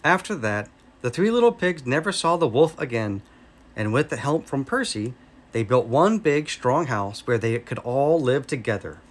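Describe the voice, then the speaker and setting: A man with an American accent reading a children's story aloud in a slow, expressive way. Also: medium pitch.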